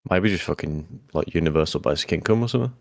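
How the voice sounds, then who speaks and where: A man's voice: rumbling low, lively intonation, fast talker, vocal fry, no room sound, clean studio sound. A young man, co-hosting a podcast in laid-back casual chat, blunt and casually sweary. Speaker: podcast co-host.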